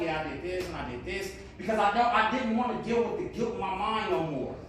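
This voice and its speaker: A man's voice: sits high, big pitch swings, fast, hardly any pauses, a bit bright, slight background noise. A man speaking earnestly to a class of students as a motivational speaker, rising to emphatic peaks. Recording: very echoey room, distant mic.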